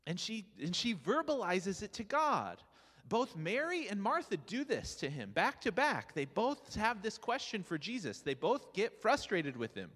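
A man preaching a sermon as pastor, earnest and animated, often asking his listeners rhetorical questions. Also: sits high, unhurried, in a large hall.

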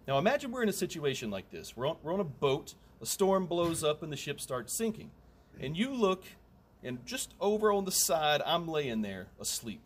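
A man's voice: on the high side, sing-song, moderate pace, breathy edge. A man preaching a sermon in a conversational way, with humorous asides and emphatic repetition.

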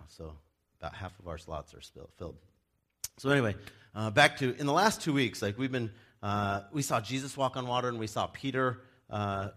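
A pastor delivers a casual, joking sermon in a church, chatting with the congregation and acting out the people he quotes in loud, high voices.

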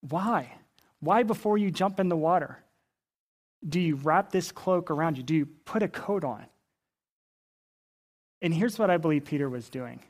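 Animated storytelling male preacher. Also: fairly high pitch. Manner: animated storytelling, acting out Bible characters' lines; conversational, rhetorical questions to the congregation. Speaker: pastor. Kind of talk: sermon.

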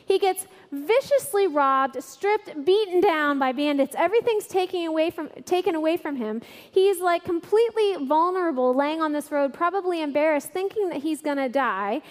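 A woman with a high voice preaches to a congregation and tells stories with animated energy. Her voice rings out with a long reverb in a large hall. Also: moderate pace, few pauses. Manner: animated storyteller, laughing through funny bits. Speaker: church speaker. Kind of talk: sermon with storytelling.

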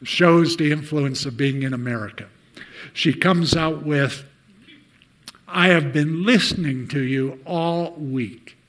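A man preaching a sermon, telling a story and loudly acting out the lines of the people in it. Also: a little high. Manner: storytelling, shouts out acted quotes.

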